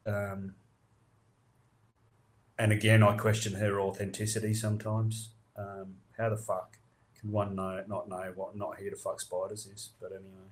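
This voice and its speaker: A man's voice: on the low side, monotone, normal speed. A man with an Australian accent, hosting a podcast and explaining local slang in crude, laid-back casual chat. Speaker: podcast host.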